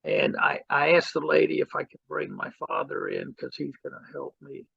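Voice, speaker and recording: A man's voice: fairly high pitch, animated, moderate pace, gravelly, husky, no room sound, lo-fi sound. A man teaching real estate through a personal story, acting out the people he quotes. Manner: storyteller who acts out quoted people, repeating "he goes". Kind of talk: anecdotal teaching talk.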